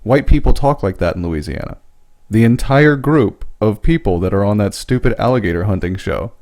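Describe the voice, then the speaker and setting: A man's voice: lowish voice, lively intonation, moderate pace, a little mellow. A man co-hosting a podcast, talking in blunt, sarcastic casual banter and swearing freely. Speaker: podcast co-host.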